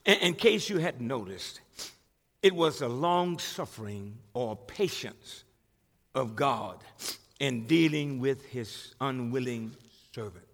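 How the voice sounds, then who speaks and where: A man's voice: medium pitch, expressive, slow, fairly bright tone, in a large hall. A male pastor preaching a sermon to his church, emphatic and conversational, often stumbling and restarting words. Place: church sanctuary with a congregation.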